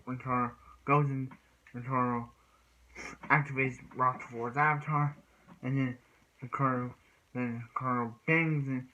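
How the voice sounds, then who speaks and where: A man's voice: medium pitch, bright, forceful tone, highs cut off, slight background noise. A man casually recapping an anime episode as a reviewer, rambling with frequent restarts and "he's like" retellings.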